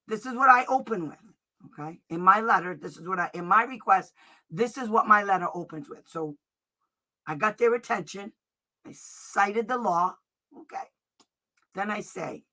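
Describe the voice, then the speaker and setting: Bright-voiced emphatic woman teaching. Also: medium pitch. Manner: emphatic, reads letter text aloud, frequent "okay?". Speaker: special education advocate. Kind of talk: informal teaching presentation.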